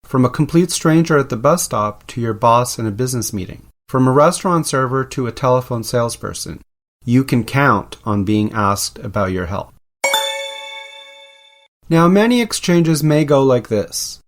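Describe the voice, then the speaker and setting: A man's voice: medium pitch, expressive, moderate pace. A man hosting a podcast, narrating from a script in a playful, explanatory way. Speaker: podcast host.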